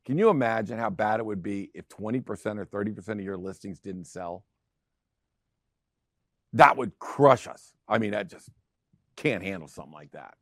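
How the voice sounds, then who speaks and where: A middle-aged man hosts a real estate show in a casual monologue, hammering his points home through emphatic repetition. His voice is lowish, and the sound is clean studio quality with no echo.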